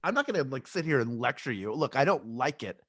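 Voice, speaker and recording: A man co-hosts a podcast in loose, casual chat. He rambles, cuts himself off and throws in jokes. His voice sits at an average pitch and sounds dry, with no room echo. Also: sing-song, fast talker, fairly bright tone, breathy edge. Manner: rambling, self-interrupting, joking. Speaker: podcast co-host.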